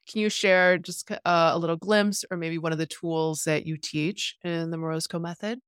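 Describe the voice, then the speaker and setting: A woman's voice: on the low side, fairly even intonation, normal speed, hardly any pauses, a bit bright, clean tone, no echo, studio quality. A woman hosting a podcast interview, asking a guest questions in a casual, friendly way. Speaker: podcast host.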